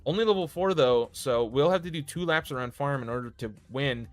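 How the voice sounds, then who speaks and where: A man streams live commentary of a board video game, calling each roll and fight in quick play-by-play. He mixes in self-deprecating asides, and faint music plays underneath his voice. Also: medium pitch. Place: home streaming setup.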